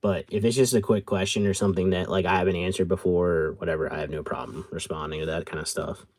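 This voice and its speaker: A man's voice: deep voice, fairly even intonation, quick pace, darkish tone. A man rambling casually on a live stream, answering viewers' chat and often correcting himself mid-thought. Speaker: card collector streamer.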